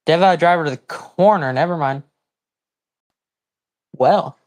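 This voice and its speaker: A man hosts a livestream, offering loose, wandering commentary on a wrestling broadcast, now and then bursting out excitedly or sounding puzzled. His voice sits fairly high and moves at a normal speed.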